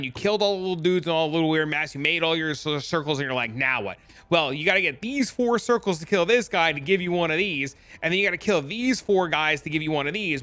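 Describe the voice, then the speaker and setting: A man's voice: a little high, bright, forceful tone, no room sound. A young man streaming a game, explaining it in a rambling, joking, profane way. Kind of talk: casual livestream chat.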